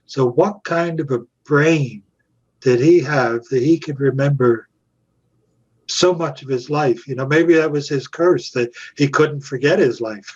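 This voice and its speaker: An older man, an actor and puppeteer, telling anecdotes as an interview guest, animated and chuckling as he acts out quotes. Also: mid-range voice, a little slow, breathy edge, muffled recording.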